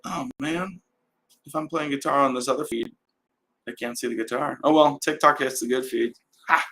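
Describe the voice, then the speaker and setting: A man's voice: mid-range voice, normal speed, poor audio. A young man, hosting a casual live stream and rambling loosely with fillers and trailing laughs. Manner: many fillers and restarts.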